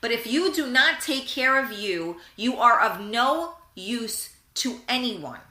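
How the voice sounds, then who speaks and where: Bright, animated woman radio host. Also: fairly high pitch, slow, roomy sound. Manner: frank, animated, acts out little scenes. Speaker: host of a live internet radio show. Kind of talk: live motivational talk, reading viewer comments.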